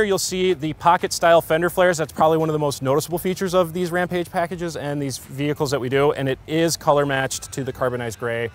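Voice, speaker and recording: A man's voice: medium pitch, slight background noise. An American man, a car salesman, giving an upbeat walkaround of a truck outdoors at a dealership, with frequent fillers. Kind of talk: vehicle walkaround presentation.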